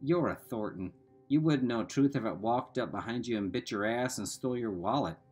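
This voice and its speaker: A fierce, sarcastic teenage girl, as a man reading a novel puts her on, cutting and scolding. Her voice sits at a middle pitch, with faint music behind it. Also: animated, normal speed, a little mellow, slightly rough. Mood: sharp.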